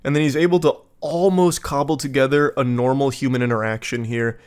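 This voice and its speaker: A man's voice: mid-range voice, fairly even intonation, brisk, a little mellow, clear, resonant tone. A man reading text messages aloud and mocking them in dry, sarcastic comedy commentary, swearing freely. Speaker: commentary host.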